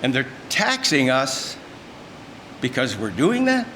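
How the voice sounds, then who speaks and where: A man's voice: mid-range voice, huge pitch swings, takes it slowly, pushed and bright, slight background noise. Older male speaker, folksy and emphatic, talking to an event room. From Canada. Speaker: speaker at a luncheon. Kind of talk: informal speech.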